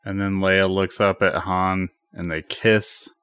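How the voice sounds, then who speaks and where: A man's voice: deep voice, level tone, slow, fairly bright tone, clean tone, no echo. A man casually recapping a film scene by scene, dropping wry, joking asides as he goes.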